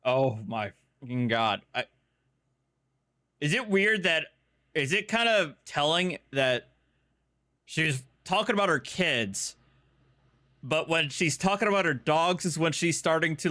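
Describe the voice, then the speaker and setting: A man's voice: a little high, lively intonation, measured pace, long pauses, bright, forceful tone. A man giving blunt, sarcastic, casual commentary on police footage.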